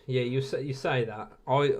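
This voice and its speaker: A man's voice: mid-range voice, fairly even intonation, moderate pace. A man in his late twenties with an English accent, hosting a casual live watch-along and chatting with viewers, laid-back and laughing often. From England. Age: 20s.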